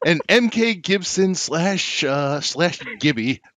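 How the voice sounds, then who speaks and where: A man's voice: on the high side, expressive, slow, a bit bright, no echo. A man hosting a podcast in casual chat, with crude teasing humor. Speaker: podcast host.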